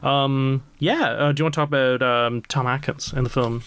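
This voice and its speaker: A man's voice: mid-range voice, fairly even intonation, fairly bright tone, clean tone. A man hosting a podcast, enthusing about films in casual talk filled with "like" and "um". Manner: enthusiastic, talks fast with "like" and "um". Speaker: podcast host. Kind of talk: casual film discussion.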